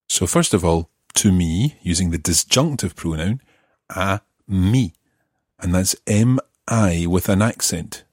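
A man's voice: deep voice, a little mellow, husky, no echo, studio quality. A man teaching a language lesson, explaining grammar patiently and methodically.

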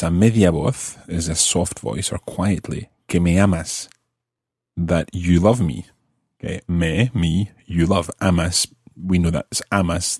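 Man podcast teacher, deep and husky, patient and methodical with his examples. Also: warm tone, no echo, studio quality. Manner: slow, careful explanations, repeating example phrases. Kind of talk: explaining Spanish grammar.

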